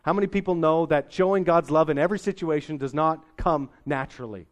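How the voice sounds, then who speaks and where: A man's voice: on the high side, quick pace, dull audio. A middle-aged man preaching a sermon as pastor, in a folksy, conversational way with homely sayings.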